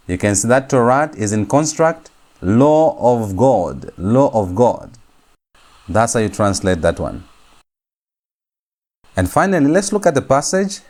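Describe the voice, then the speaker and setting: A man teaching a Hebrew grammar lecture, repeating each phrase slowly and stressing key words for his students. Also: on the low side, darkish tone. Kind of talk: recorded classroom lecture.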